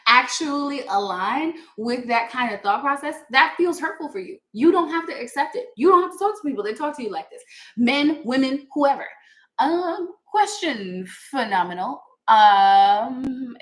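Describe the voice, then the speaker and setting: Chatty woman livestreaming in an echoey room. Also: fairly high pitch. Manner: chatty, earnest, laughs often, reads comments aloud. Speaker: yoga teacher and livestream host. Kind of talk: casual livestream chat with viewers.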